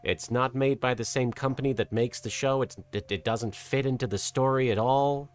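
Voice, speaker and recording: A soft-spoken streamer with an English accent drifting toward American, chatting casually with a live chat and working toward a lighter, more feminine voice placement. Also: mid-range voice, steady tone, moderate pace. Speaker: streamer and host. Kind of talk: casual livestream chat, reading out chat.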